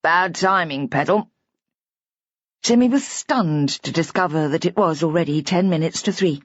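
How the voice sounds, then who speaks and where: A woman narrating an audiobook mystery with measured, expressive storytelling. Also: sits low, dry recording. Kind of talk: scripted narration. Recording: dull, dry lo-fi audiobook recording.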